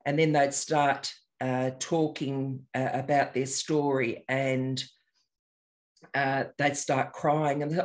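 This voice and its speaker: Introducing a guided meditation, an older teacher talks in an unhurried, gentle, reflective manner. His pitch sits in the middle and his delivery is flat.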